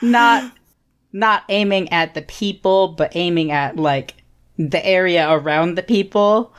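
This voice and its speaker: Low-voiced, slow woman player. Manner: hesitant, thinking aloud. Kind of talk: casual tabletop game chat.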